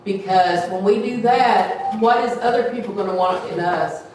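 A woman delivers a folksy sermon in a small church hall at a moderate pace, her medium-pitched voice somewhat dark in tone. Sometimes she acts out gossip in playful voices for the small congregation. The recording is echoey and distant, with faint ambience.

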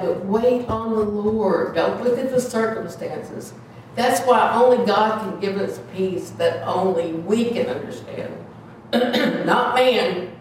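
A woman's voice: mid-range voice, a little mellow. An earnest woman preaches and prays in a plain, conversational way, leaning hard on her key words. Her voice rings through a very echoey church hall, picked up from some distance. A faint hiss sits underneath. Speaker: lay preacher leading prayer. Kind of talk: informal sermon and prayer. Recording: echoey hall, mic far off.

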